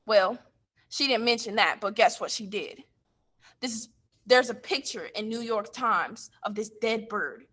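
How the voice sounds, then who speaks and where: A woman playing a blunt middle-aged man who runs a coastal mission, telling his story on stage and getting heated and loud. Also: on the high side, measured pace, slightly rough. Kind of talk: stage monologue from interviews.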